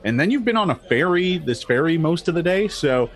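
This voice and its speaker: A man's voice: on the high side, very animated, a little fast. A man narrating as game master of a tabletop game, descriptive and hesitant, full of ums and restarts.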